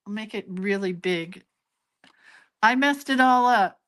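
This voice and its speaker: A woman's voice: medium pitch, slow, pauses often, fairly bright tone. An older woman hosting a casual live drawing lesson, chatting and laughing at her own mistakes as she goes. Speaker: hand-lettering and doodling teacher.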